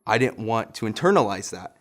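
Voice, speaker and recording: A young male pastor with a fairly low voice tells a story from his childhood in a relaxed, conversational sermon. He laughs at his own tale now and then. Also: a little fast. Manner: chuckles often while telling a story.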